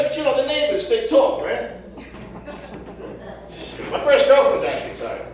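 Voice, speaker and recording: A middle-aged man works a club stage with a stand-up set, his voice sitting high for a man. He tells brash, self-mocking stories loaded with slang. The sound is boomy and roomy, caught from a distance. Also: very animated, normal speed, faint music behind. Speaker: stand-up comedian. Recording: roomy echo from far off.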